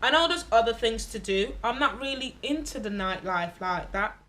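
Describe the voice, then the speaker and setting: A woman with a bright, fairly high voice tells the story of a solo trip. She speaks candidly and bluntly, swears freely, and acts out the people she met along the way. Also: normal speed. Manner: candid and expressive, acting out other people in her stories. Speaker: travel vlogger. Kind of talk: casual travel vlog storytelling.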